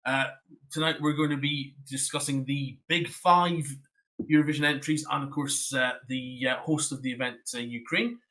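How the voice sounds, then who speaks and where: A man's voice: medium pitch, fairly even intonation, normal speed, sharp tone, rough recording. A Scottish man hosting a casual music podcast, talking with many hesitant ums and uhs. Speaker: podcast host. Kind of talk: casual chat.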